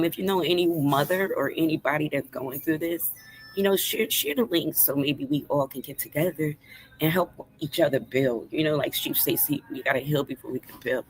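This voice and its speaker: A woman's voice: deep voice, expressive, fairly quick, slight background noise, rough recording. Emotional grandmother talking to her viewers. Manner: earnest, emotional, talks straight to the chat. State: voice trembles with emotion. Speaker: livestream host. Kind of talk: casual livestream chat to viewers. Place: fast-food restaurant.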